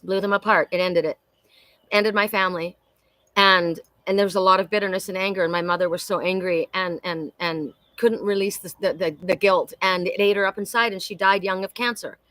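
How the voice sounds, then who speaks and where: A woman's voice: mid-range voice, fairly even intonation, a little fast, a bit bright, no echo. A middle-aged woman hosting a weekly oracle card reading, talking in an emphatic, heartfelt way with many repetitions and restarts. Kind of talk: spiritual live-stream talk.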